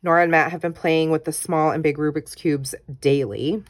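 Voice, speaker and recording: Chatty woman with a low voice. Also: fairly even intonation, normal speed. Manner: chatty, reads her journaling aloud, many ums and likes. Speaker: crafting vlogger. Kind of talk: casual scrapbooking walkthrough.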